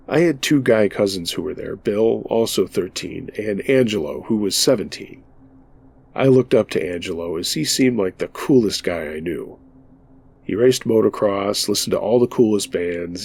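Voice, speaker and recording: A low-pitched man with a gravelly, husky voice narrates a scary story in calm, measured tones. His delivery is steady and scripted, as if reading to listeners around a campfire.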